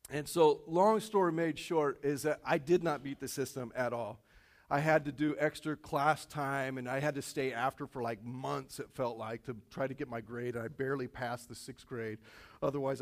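A man preaching a sermon, telling a personal story with many fillers and animated storytelling. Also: fairly high pitch. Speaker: pastor. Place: church auditorium.

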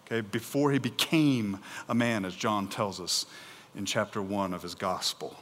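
Animated preacher in a reverberant hall. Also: male voice, on the low side, normal speed. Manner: animated preaching, acts out biblical voices, swings loud and soft. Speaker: pastor. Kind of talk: sermon.

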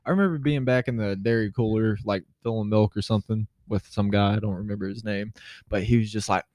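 Hesitant man with a steady voice. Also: lowish voice, quick pace, no echo. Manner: hesitant, awkward storytelling. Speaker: podcast co-host. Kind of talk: casual chat.

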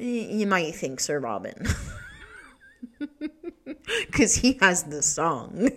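A woman hosting a solo podcast in a rambling, profane way, laughing often and restarting her sentences. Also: low voice. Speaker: podcast host. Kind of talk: casual solo podcast talk.

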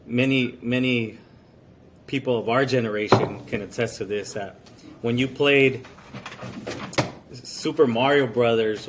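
A man's voice: medium pitch, noisy background. A man co-hosting a casual podcast, telling loose stories full of fillers. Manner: rambling storyteller, many fillers. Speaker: podcast co-host. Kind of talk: casual chat.

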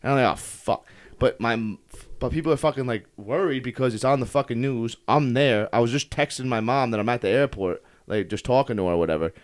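A man's voice: mid-range voice, quick pace. A young man telling a story in casual podcast chat, heated and profane, swearing constantly as he talks.

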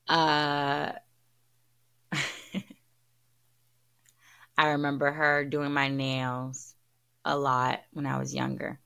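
A woman's voice: sits low, bright, forceful tone. A woman hosting a candid solo podcast, talking bluntly and profanely and repeating her points for emphasis. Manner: blunt and profane, talks frankly. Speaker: podcast host.

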